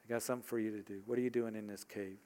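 A pastor voicing God as a quiet, gently urging male voice during a sermon retelling. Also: on the low side, fairly even intonation, very fast, pitched below the performer's own voice, lightly acted. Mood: gentle urging.

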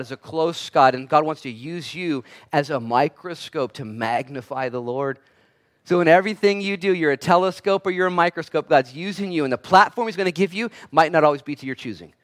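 A man preaching a sermon as pastor, swinging between loud emphatic bursts and quiet asides, and acting out voices in quoted lines. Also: on the high side.

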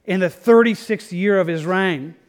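A man's voice: high-pitched, normal speed. A man pastor preaching a verse-by-verse sermon in an earnest, conversational way. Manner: conversational, earnest, with restarts and "like" asides.

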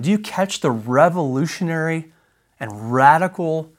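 A male Bible teacher in the middle of a lesson, working through a passage point by point. He speaks in short, measured phrases and leans on key words, with pauses between them. He reads the verses aloud in the same steady manner. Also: medium pitch.

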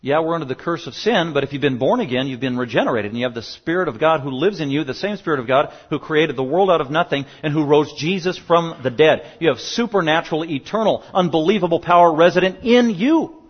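A man preaching a sermon as pastor, emphatic and building to loud bursts on his main points. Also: a little high, animated, quick pace, few pauses. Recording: dull lo-fi sound.

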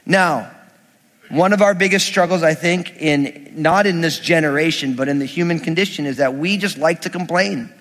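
A man's voice: a little high, moderate pace, a bit bright. A young adult man, a pastor, preaching a sermon in a conversational, emphatic way with casual asides. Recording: long reverb of a hall.

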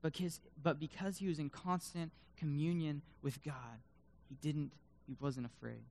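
A man preaching a sermon to students in a room, swinging between loud emphatic bursts and hushed low tones and reading scripture aloud with dramatic emphasis. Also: fairly even intonation, normal speed. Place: room with a live audience.

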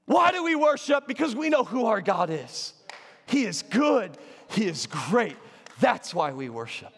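A male pastor with a high voice preaches an energetic sermon in a church, and his words ring out with a long reverb through the hall. He swings from shouting to soft, near-whispered asides and pokes fun at himself along the way. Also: a little slow, creaky. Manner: self-deprecating, humorous. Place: church sanctuary.

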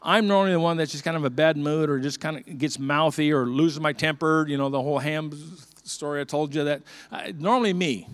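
An older man preaches in an earnest, conversational way, often restarting his phrases. His voice sits a little higher than most men's. He sounds like a pastor talking plainly to his congregation. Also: fairly quick, hardly any pauses. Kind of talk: sermon.

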